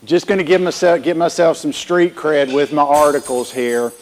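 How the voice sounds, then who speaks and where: A man's voice: fairly high pitch, moderate pace. Joking man giving a keynote. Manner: joking, bossy with the audience. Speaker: keynote speaker. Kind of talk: humorous conference keynote.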